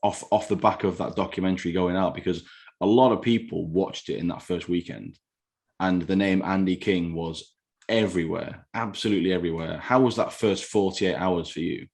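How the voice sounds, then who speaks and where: A man hosting a podcast, asking a guest a question quickly and conversationally. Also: low-pitched, fairly even intonation, vocal fry, a little mellow. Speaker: podcast host. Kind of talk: interview questions.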